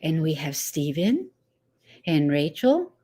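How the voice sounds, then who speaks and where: A woman's voice: sits low, big pitch swings, slow pace, mellow. A woman hosting a casual live stream, chatting loosely, laughing easily and greeting viewers one by one by name. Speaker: livestream host.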